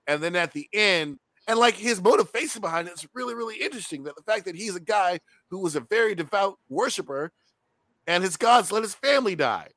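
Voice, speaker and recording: A high-pitched man talks a little fast on a dry recording as he co-hosts a movie review show. It's loose, animated chat with plenty of swearing and mocking impressions in quotes.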